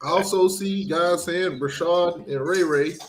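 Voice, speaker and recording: A man hosting a casual sports talk live stream, relaxed and musing, with lots of ums as he reads out picks from the chat. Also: high-pitched, a little slow, background noise.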